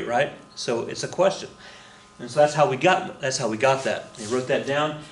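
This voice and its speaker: A man's voice: mid-range voice, normal speed. Male teacher, loose and chatty history lecture, roomy echo with a faint hum behind. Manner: rambling, conversational, many fillers and restarts.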